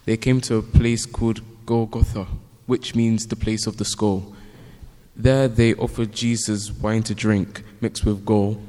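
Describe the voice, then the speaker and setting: A man reading a Bible passage aloud, steady with small slips. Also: on the low side, a little slow. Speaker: scripture reader. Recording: long hall reverb.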